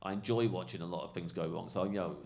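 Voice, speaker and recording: A male comedian telling a rambling, animated anecdote on a podcast, full of fillers. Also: sits low, fast, gravelly. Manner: rambling, animated storytelling, lots of fillers and swearing. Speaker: comedian guest.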